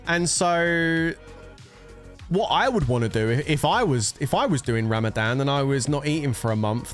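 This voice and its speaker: A man streaming a mobile strategy game, chatting casually and excitably with his viewers and swearing freely. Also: mid-range voice. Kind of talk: casual live-stream commentary.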